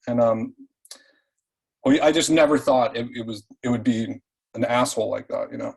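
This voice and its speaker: Brief: husky-voiced man, loose profane storyteller on a call, mid-pitched, keeps restarting. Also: moderate pace, low-quality recording. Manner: profane, animated, restarts often. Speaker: participant. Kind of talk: casual spoken storytelling.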